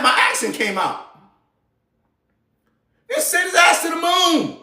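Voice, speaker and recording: A man's voice: very high-pitched, wildly swooping pitch, slow, creaky, long pauses, pushed and bright, reverberant. A man hosting a live show, ranting about politics in a heated, slangy, profane way. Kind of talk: casual political rant.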